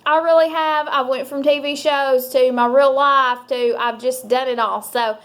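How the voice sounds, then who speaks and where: A woman's voice: high voice, little pitch movement, measured pace, a bit bright. A woman chatting casually to her viewers, rambling with lots of fillers. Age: adult parent. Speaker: vlogger. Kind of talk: casual chat to camera.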